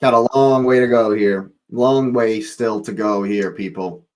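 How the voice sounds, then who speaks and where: A man's voice: lowish voice, fairly even intonation, a little slow, darkish tone, poor audio. A man hosting a live football watch-along, reacting with exasperated, swearing outbursts.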